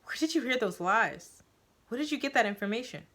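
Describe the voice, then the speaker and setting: A woman voicing a brash, defensive troubled teenage girl who talks bluntly and crudely. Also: low voice. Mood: angry. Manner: blunt, crude and quick to anger.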